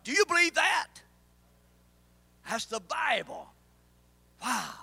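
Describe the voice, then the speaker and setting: A pastor preaching a sermon, urging his congregation on, swinging between quiet asides and near-shouted calls. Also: extremely high pitch, sing-song, slow, creaky, long pauses. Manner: impassioned preaching, rising to a near-shout, with call-and-response.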